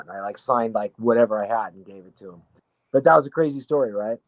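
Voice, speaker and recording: A man's voice: medium pitch, fairly quick, no room sound, highs cut off. Rambling, profane storytelling man. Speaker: guest actor. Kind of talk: casual storytelling.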